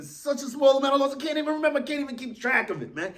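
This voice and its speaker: A man rants in his fan vlog, his voice sitting high and jumping about with excitement. He rambles, drops slang and pokes fun at himself as he goes. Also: fast talker, hardly any pauses. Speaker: vlog host.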